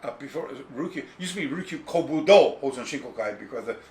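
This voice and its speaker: Speaking quickly in a medium-pitched voice, a man who writes about karate tells a long anecdote during an interview. He's animated, drifts off topic, and mimics the people involved; the echoey room in his home carries faint ambience and slight background noise.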